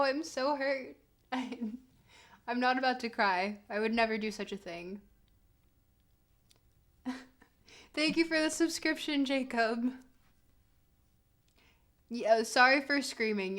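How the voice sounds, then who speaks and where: A woman's voice: on the high side, takes it slowly, long pauses, fairly bright tone. A woman streamer giving casual, joking commentary while playing, talking straight to her chat. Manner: chatty and joking, answers chat directly.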